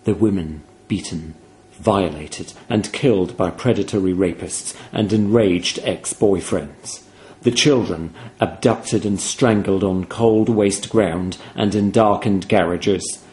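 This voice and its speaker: A man reading a horror story aloud in a grave, hushed, measured way. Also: deep voice, a little hiss or hum. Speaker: narrator.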